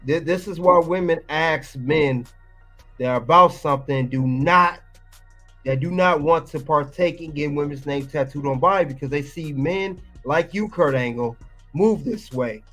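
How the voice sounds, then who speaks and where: A man's voice: a little high, moderate pace, a bit bright, faint music behind. Ranting man reacting to a clip. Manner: fired up, ranting and scolding. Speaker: reaction video host.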